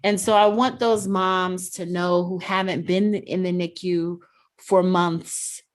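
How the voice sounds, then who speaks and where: A woman's voice: lowish voice, fairly even intonation, takes it slowly. A woman sharing her experience as a parent in a podcast conversation, earnest and reflective. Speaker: guest, NICU parent.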